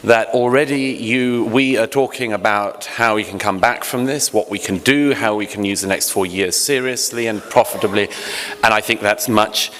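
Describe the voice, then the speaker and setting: A man's voice: fairly low pitch, moderate pace, a bit bright. A British man giving a conference panel speech, earnest with hesitant restarts and wry humor, into a podium microphone. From Britain. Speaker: panel speaker. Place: large hotel conference hall. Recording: echoey hall, faint ambience.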